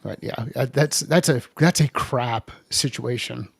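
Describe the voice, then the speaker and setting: A man on a sales panel, joking and speaking haltingly with many restarts. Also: medium pitch, gravelly, slightly rough, no room sound. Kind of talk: casual panel discussion.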